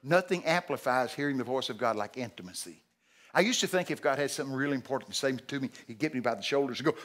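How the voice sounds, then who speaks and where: An older man with a Texan accent preaches in a homespun, folksy way. He tells stories and quotes scripture, and breaks now and then into loud, emphatic exclamations. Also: medium pitch, fast talker. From Texas. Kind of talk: sermon.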